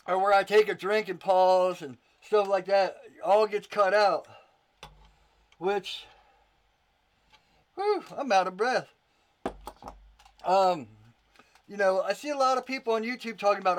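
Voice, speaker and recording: A man, a YouTuber and knife maker, chatting casually on a livestream, rambling with repeated words and answering viewer comments. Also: sits high.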